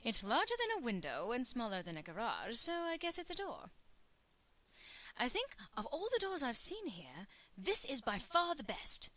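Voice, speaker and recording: A woman voicing a wry, rambling male gentleman thief in a put-on English accent that wavers, speaking his lines with dry, self-mocking humor in a game. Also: a little high, wildly swooping pitch, moderate pace, full character voice. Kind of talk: in-character game voiceover.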